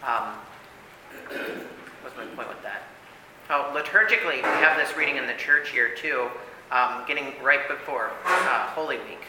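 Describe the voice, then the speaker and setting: A man's voice: mid-range voice, moderate pace. A man leading a casual church Bible study, talking emphatically with many fillers and "right?" tags. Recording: echoey hall with faint room noise.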